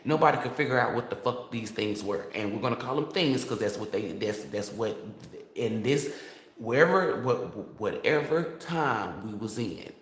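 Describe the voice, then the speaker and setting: A man who reads tarot, telling a story to his viewers in a casual, excitable and profane way, full of restarts. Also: medium pitch, normal speed, roomy sound. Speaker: tarot reader.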